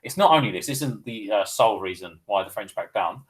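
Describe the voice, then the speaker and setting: A man's voice: fairly low pitch, lively intonation, brisk, low-quality recording. Chatty man teaching history. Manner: chatty, digressive, addresses viewer with "okay?". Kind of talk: informal history lesson.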